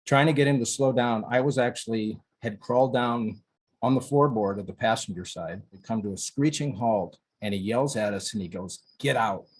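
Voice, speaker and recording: Husky man from North Iowa recounting events. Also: mid-range voice, normal speed. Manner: vivid storyteller acting out quoted voices. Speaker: interviewee, eyewitness. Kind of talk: recounting a personal story.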